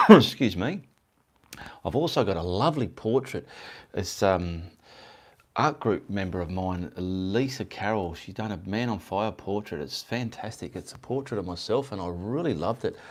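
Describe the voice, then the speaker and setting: A man's voice: on the low side, expressive, moderate pace. An Australian man from Perth hosting a casual live stream, rambling and greeting viewers by name. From Perth, Western Australia. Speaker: livestream host and artist.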